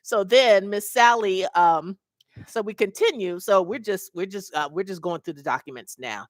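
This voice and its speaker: Animated woman telling a work story to webcam. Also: medium pitch, moderate pace, dry recording, clean studio sound. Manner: animated, acts out the people in her story. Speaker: mobile notary mentor. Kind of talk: casual storytelling vlog.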